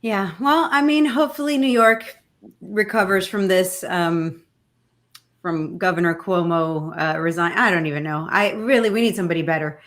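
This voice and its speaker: A woman's voice: fairly low pitch, normal speed, a bit bright. A woman co-hosting a podcast, chatting casually in an emphatic, exasperated way. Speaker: podcast co-host. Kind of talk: casual chat.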